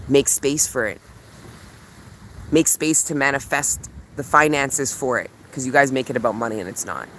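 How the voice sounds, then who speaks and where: A woman speaks in a relaxed, affectionate way straight into her phone while walking outdoors. She keeps up a steady stream of casual chat with her viewers and reads their comments out as she goes. A little faint outdoor noise sits behind her voice. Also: rumbling low, normal speed. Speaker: spiritual coach and retreat host.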